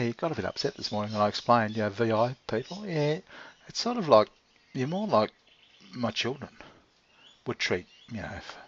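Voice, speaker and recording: Middle-aged man, rambling casual monologue, swears and chuckles, deep-ish voice, muffled lo-fi recording. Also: slight background noise. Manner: meandering, swears freely, chuckles often. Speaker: channel host talking to his pet. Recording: dull lo-fi recording.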